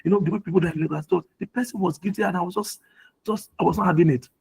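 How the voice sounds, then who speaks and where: A middle-aged man from Nigeria speaks earnestly on parenting in a webinar, his voice gravelly with plenty of fry. The tone is rough and husky rather than clean. He drives his points home by repeating key phrases. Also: sits high, very fast, darkish tone, rough recording. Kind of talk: talk on parenting with faith.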